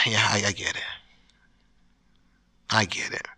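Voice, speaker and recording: Bright-voiced man ranting on a podcast. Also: lowish voice, a little fast, pauses often. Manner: profane, rambling, with frequent restarts. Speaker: podcast host. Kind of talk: solo podcast rant.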